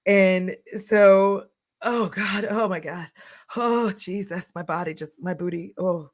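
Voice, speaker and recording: Young woman chatting on a livestream, super expressive, keeps laughing and acting stuff out. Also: mid-range voice, slow. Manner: animated, emphatic, laughs often, acts out quotes. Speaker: livestream host. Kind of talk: casual livestream chat reading comments.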